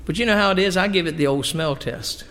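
A man's voice: sits high, fast talker, fairly bright tone, big-room sound, a little hiss or hum. A middle-aged man preaching a sermon in a church, folksy and emphatic, with homey asides. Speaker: pastor. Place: church sanctuary.

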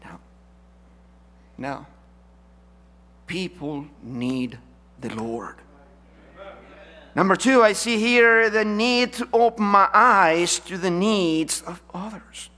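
A man preaching a sermon, emphatic, swinging from loud declarations to hushed asides. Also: high voice, expressive, slow, long pauses.

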